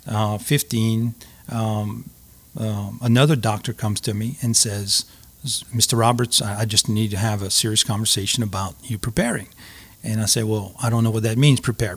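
A middle-aged man, a guest telling a personal story in an earnest, halting way with many restarts. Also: on the low side.

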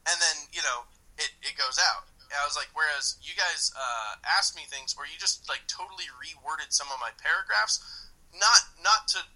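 Podcast co-host, man, slightly high pitch, animated and profane ranting. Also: normal speed, low-quality recording. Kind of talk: casual podcast chat.

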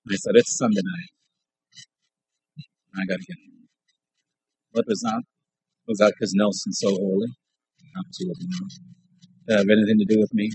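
A man preaching in church, telling a dramatic story in an animated way that swings between loud and soft, then leading a prayer. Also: fairly low pitch, moderate pace, long pauses, slightly rough, no room sound, rough recording. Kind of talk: storytelling sermon with closing prayer. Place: church sanctuary.

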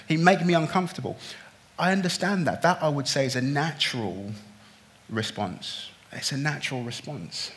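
A man preaching a sermon in a church, his voice pitched a little high for a man. He moves between quiet, drawn-out phrases and loud, pleading bursts. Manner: impassioned, swings from hushed to loud pleading. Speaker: pastor.

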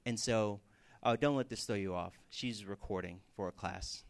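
A man preaching a sermon in a casual way, telling stories with lively bursts and everyday fillers. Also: on the low side, normal speed, creaky. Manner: casual, animated storytelling with fillers. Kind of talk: sermon with storytelling.

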